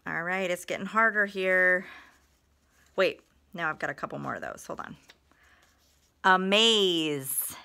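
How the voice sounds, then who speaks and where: Slow, bright-voiced woman teaching phonics. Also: fairly low pitch, creaky, smooth. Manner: patient, stretches out example words and sentences. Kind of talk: recorded phonics lesson.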